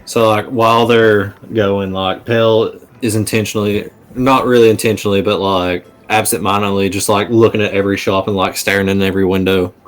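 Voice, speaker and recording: A man's voice: fairly low pitch, a little fast, hardly any pauses. A man playing a character in a tabletop game, chatting casually and laughing between lines. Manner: relaxed, laughing, filler-heavy. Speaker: player.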